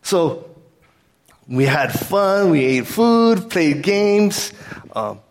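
An earnest man preaches a sermon in a slightly raised voice. His delivery is conversational and relaxed, and he drifts easily into telling a personal story before returning to his point. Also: sits high, drawn-out words, slight background noise. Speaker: pastor.

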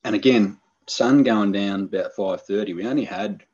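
Middle-aged man, low husky voice, animated storyteller, muffled recording. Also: moderate pace. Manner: animated, excited storyteller, acts out quoted lines. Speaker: podcast guest telling a hunting story. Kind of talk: casual storytelling chat.

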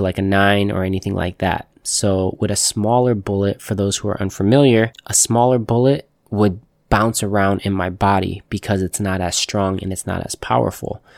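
Gravelly low-voiced man telling his story. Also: darkish tone, no echo, clean studio sound. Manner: halting, with many fillers and restarts. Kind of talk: personal storytelling.

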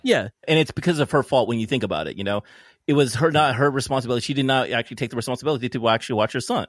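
Mid-pitched male co-host, forceful and foul-mouthed, dry recording. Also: very fast, no room sound. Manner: emphatic, swears often. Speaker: podcast co-host. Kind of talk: casual film review chat.

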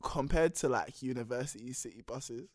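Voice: mid-range voice, normal speed. A young speaker in casual chat, laughing often and reacting in big, exaggerated ways. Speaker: podcast co-host.

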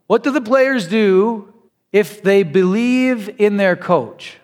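A man preaching a sermon, telling stories in a conversational, animated way. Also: sits high, slow pace, big-room sound. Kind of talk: sermon with storytelling.

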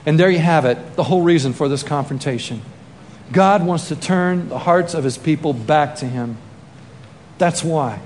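Male preacher with a high voice, acting out the story with bursts of shouting; a reverberant hall. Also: moderate pace. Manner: animated, acts out scenes with shouts and sound effects. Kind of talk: sermon storytelling. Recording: long reverb of a large hall, faint ambience.

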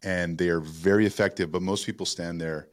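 A man's voice: low-pitched, fairly even intonation, a little fast. A man hosting a casual podcast conversation, telling stories in an enthusiastic way.

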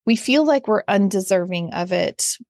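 A woman's voice: mid-range voice, animated, normal speed, darkish tone, no room sound, studio quality. A middle-aged woman hosting a motivational podcast, talking earnestly and expressively, laughing often and acting out little quotes. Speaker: podcast host.

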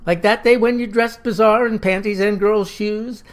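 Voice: mid-range voice, fairly even intonation, normal speed, pitched above the performer's own voice, lightly acted. A narrator voicing an earnest young woman of about nineteen, reciting in a sing-song way.

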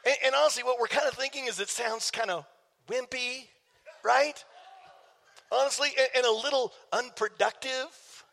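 A man, a pastor preaching a sermon, telling a story with jokes for the congregation in an animated way. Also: very high-pitched, moderate pace, gravelly. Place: church sanctuary. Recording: long hall reverb.

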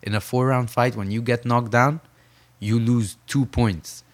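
A young man, a professional boxer, telling an intense story in a conversational interview and slowing down to stress his key points. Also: medium pitch, fairly even intonation. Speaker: professional boxer, podcast guest.

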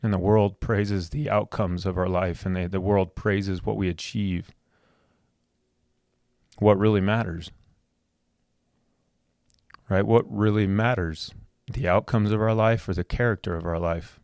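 A man's voice: lowish voice, fairly even intonation, a little slow, pauses often, a little mellow, no echo, clean studio sound. A man hosting a podcast, telling a heartfelt personal story about his son with many restarts and repeated words. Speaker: podcast host.

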